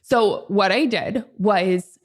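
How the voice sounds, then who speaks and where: A young adult woman hosting a solo podcast, telling a personal story in a casual, animated way that swings between excited highs and calm low tones. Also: slow. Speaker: podcast host.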